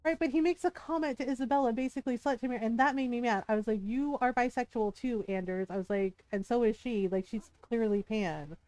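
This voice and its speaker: A woman's voice: a little high, a little fast, few pauses, darkish tone, dry recording. Fired-up swearing woman streamer. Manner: heated, swearing rant with frequent laughs. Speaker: game streamer. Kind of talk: casual livestream chat.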